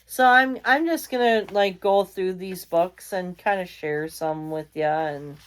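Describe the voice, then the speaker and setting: Slow-talking, tired woman chatting. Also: on the low side. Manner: rambling, chatty, with many fillers; reads out magazine lines. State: tired, yawning. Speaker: vlog host. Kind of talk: casual chat.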